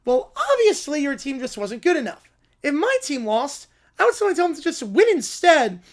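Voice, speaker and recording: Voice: high voice, big pitch swings, moderate pace. A streamer playing a smug rival fan who mocks and talks down in a comedy skit on a live stream. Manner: mocking, condescending.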